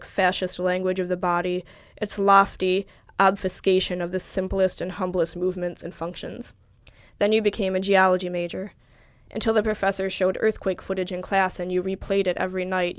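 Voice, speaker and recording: A woman narrating literary fiction in the second person, measured and wry. Her voice is smooth and resonant, set in a dry, close recording with no room echo. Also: on the low side. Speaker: audiobook narrator.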